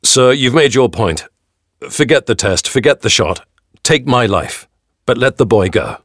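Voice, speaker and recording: Man voicing a desperate father, storybook, pleading, husky, dry sound. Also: mid-range voice, lively intonation, measured pace, no room sound, voice pushed up. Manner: pleading, raised. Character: anguished father and marksman, desperate.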